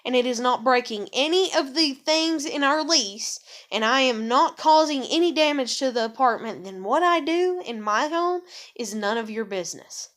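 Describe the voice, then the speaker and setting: A woman's voice: high-pitched, animated, normal speed, a bit bright. A woman venting angrily to the camera, repeating herself and swearing heavily. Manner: angry, repetitive, swears heavily. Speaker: vlogger. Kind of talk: profane venting monologue.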